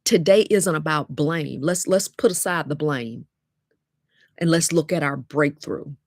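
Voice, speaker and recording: Brief: woman, fifties, low voice, dry close mic, preachy coach. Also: a little slow, no room sound. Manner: preachy, call-and-response, emphatic repetition. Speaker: dating coach. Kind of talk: motivational livestream talk.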